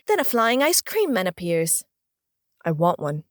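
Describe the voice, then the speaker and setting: A woman reviewing old holiday films in a comedic voice-over, animated and dramatic, breaking into shrieking outbursts. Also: fairly low pitch, unhurried, dry recording, studio quality.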